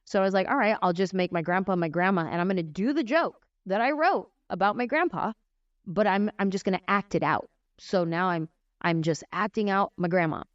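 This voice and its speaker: A woman in her forties, a comedian and guest on a podcast, telling stories in a casual, animated way and acting out the voices she describes. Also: medium pitch, a little fast, dry recording. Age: 40s. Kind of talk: casual storytelling in a podcast interview. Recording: dry, slightly muffled lo-fi sound.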